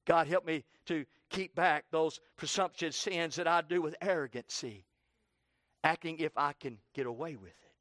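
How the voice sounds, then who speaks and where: A man with a fairly high voice delivers a church sermon that slips into spoken prayer, close and dry with little room sound. He swings from hushed pleading to loud, impassioned crying out, hammering phrases again and again for emphasis. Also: normal speed, dry recording. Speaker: pastor. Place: church service.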